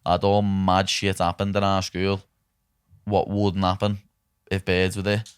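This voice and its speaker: A man's voice: sits low, completely flat delivery, unhurried, clean tone, no room sound, clean studio sound. A young man, hosting a podcast and chatting casually, swearing and saying "lad" all the time. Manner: swears often, says "lad" constantly. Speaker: podcast host. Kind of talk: casual chat. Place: podcast studio.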